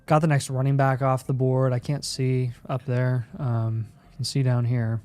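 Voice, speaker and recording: A man's voice: medium pitch, level tone, moderate pace, mellow. Man rambling through fantasy draft analysis. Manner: rambling, repeats words, clears throat often. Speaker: fantasy football analyst, co-host. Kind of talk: casual live-stream chat and draft analysis.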